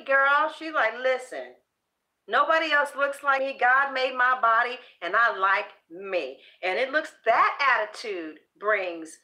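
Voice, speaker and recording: A woman with a high, bright voice holds forth on self-esteem in a loose, sassy monologue. She swears freely and slips into preachy pep talks, answering herself like a friend cheering her on. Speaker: tarot channel host giving self-esteem talk. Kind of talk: casual motivational monologue.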